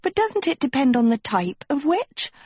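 A woman's voice: high-pitched, big pitch swings, normal speed, darkish tone, dry recording, pitched above the performer's own voice. A woman doing a vain girl who would be princess. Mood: sweetly coy. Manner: sweetly haughty and scornful.

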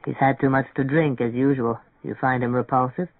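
A man voicing a gentle, kindly older record-shop owner in an audiobook reading, speaking softly and patiently, with a dry, phone-like narrow sound. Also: mid-range voice, fairly quick, no echo, lightly acted. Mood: calm. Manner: soft, calm, patient.

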